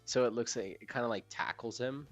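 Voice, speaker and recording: A man's voice: mid-range voice, fairly quick, muffled recording, faint music behind. A young man hosting a casual podcast, talking in a rambling, laid-back way with lots of fillers. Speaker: podcast host. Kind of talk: casual chat.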